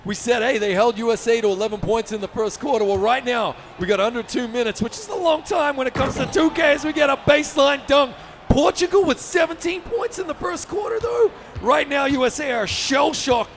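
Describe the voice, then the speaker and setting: A man doing fast, excited play-by-play commentary on an esports basketball match, often shouting. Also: extremely high pitch, soft background music.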